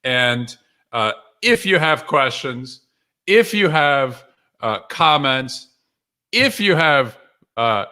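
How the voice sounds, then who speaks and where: An energetic man hosts a live stream and speaks straight to his viewers, greeting them by name. His voice is bright and forward, and his delivery is upbeat, loose and full of fillers and quick restarts. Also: medium pitch, smooth. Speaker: author and livestream host. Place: home or office with books behind him.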